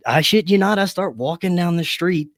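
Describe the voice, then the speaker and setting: Animated, higher-voiced man telling a story. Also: moderate pace, dry recording, studio quality. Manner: animated, swears freely, frequent restarts. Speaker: podcast guest. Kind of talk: conversational storytelling.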